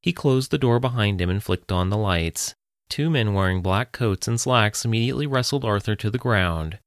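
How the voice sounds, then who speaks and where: A man reading a story aloud as narrator, in a steady, even manner. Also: lowish voice, normal speed, no room sound, clean studio sound.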